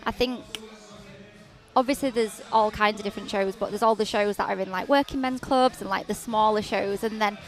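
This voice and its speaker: A woman's voice: medium pitch, fairly even intonation, a little fast. Chatty Yorkshire woman guest. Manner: chatty, leans on "like" and "um". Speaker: guest, fighter's partner. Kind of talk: casual interview chat.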